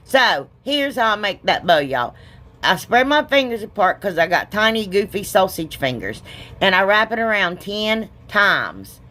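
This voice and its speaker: A woman's voice: mid-range voice, sing-song, unhurried, pushed and bright. Giggly, folksy woman crafter. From Ohio, US. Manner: giggly, chatty, self-deprecating, folksy. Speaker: DIY crafter, channel host. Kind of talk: casual crafting voice-over.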